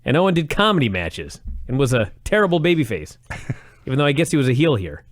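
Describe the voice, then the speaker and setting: A man's voice: mid-range voice, very animated, fast, no room sound, clean studio sound. A man co-hosting a casual podcast chat about old wrestling shows, sarcastic and laughing often. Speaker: podcast co-host.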